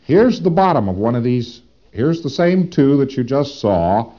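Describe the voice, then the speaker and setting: A man's voice: medium pitch, very animated, unhurried, warm tone, highs cut off. A man giving a lecture, speaking dramatically with rhetorical questions and acting out his examples. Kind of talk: recorded lecture.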